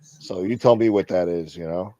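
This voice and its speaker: Low-voiced, laid-back male stream host. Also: moderate pace, mellow, no room sound, lo-fi sound. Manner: laid-back, agreeing, cursing. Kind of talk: casual chat.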